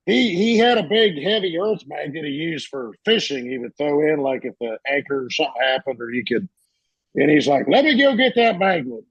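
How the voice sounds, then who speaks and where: A man, a podcast co-host telling a story in a casual, animated way and acting out the voices in it. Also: a little high, husky, dry recording, muffled recording. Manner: animated, acts out voices in his stories.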